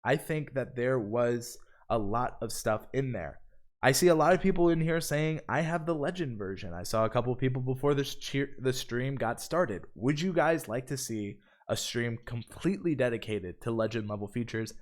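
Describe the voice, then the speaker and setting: A man's voice: medium pitch, lively intonation, moderate pace. A man hosting a live stream tutorial, upbeat, reading viewer comments aloud between explanations. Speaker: livestream host. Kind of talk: live stream tutorial with chat shout-outs.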